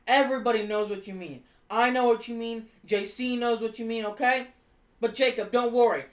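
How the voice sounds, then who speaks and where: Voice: mid-range voice, steady tone, fairly quick, natural voice. A streamer voicing a scheming male wrestling faction boss in a casual impression during a recap. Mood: coaxing. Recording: roomy echo.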